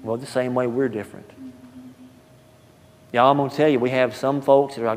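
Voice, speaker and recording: A man preaching a sermon, telling a story in a folksy, animated way that swings from hushed asides to loud, emphatic quotes. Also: medium pitch, normal speed. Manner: folksy, repeats words at the start of phrases. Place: church sanctuary. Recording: long church-hall reverb.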